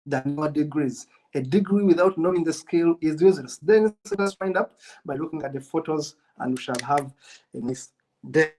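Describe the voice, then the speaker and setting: A man's voice: fairly high pitch, darkish tone, low-quality recording. A middle-aged man delivers a motivational business masterclass. He drives his message home by repeating key phrases, with an earnest, preachy tone. His delivery is that of a coach speaking to an audience. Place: United Kingdom.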